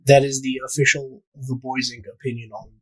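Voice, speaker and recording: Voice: mid-range voice, little pitch movement, brisk, a bit bright, slightly rough, rough recording. A podcast co-host chiming in with wisecracks during casual chat.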